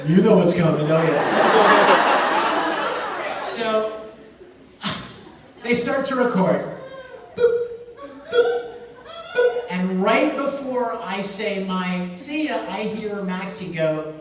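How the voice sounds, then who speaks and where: A man's voice: high-pitched, animated, slow pace, long pauses. A man on a convention panel, playfully telling a story to the crowd and acting out lines in voices. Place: large convention hall. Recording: echoey hall, distant mic, noisy.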